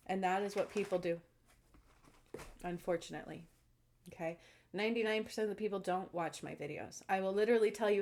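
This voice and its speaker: A woman speaks earnestly and emphatically to her viewers in a casual vlog. She keeps checking in with "okay?", and her voice sits at a medium pitch. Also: steady tone, a little fast, a little mellow, slight background noise. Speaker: self-described spiritual channeler. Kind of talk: casual monologue to camera.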